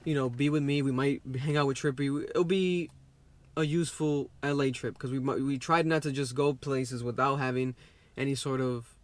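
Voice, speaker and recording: A man's voice: medium pitch, fairly even intonation, normal speed, no echo. A young man chatting casually as a vlog co-host, rambling and restarting his sentences. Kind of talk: casual chat.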